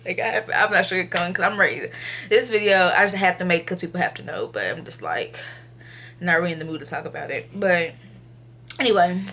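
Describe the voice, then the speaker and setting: A young woman vlogging to camera, retelling an ultrasound visit casually, acting out what others said, sometimes subdued and low in energy. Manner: animated retelling, acts out others' quotes, filler-heavy.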